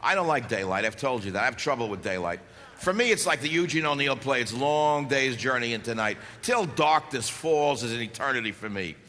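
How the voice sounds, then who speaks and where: A talk radio host giving an impassioned, sarcastic political speech to a live audience, shouting at times. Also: male voice, medium pitch, animated, fairly quick. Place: large hall before a live audience. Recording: echoey hall with faint background noise.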